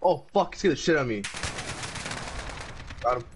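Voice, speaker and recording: A man's voice: medium pitch, normal speed, background noise. A man calling out kills and swearing casually while playing a shooter with a friend. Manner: swearing, excited callouts. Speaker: gaming teammate. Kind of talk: casual game callouts.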